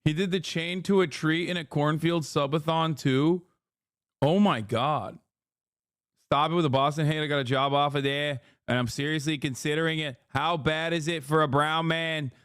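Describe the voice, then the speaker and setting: Guy streaming, swears a lot, quick asides, smooth clear voice, dry close mic. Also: on the high side, fairly even intonation, a bit bright, no room sound. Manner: brash, profane, quick asides. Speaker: livestream host. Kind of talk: casual livestream commentary.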